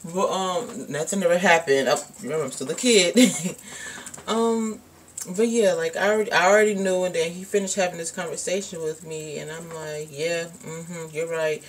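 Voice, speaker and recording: Speaking at normal speed in a lowish voice, with a little hiss or hum in the audio, a young vlogger shares something personal. Her telling is casual, candid, and meandering, packed with "like" and "um."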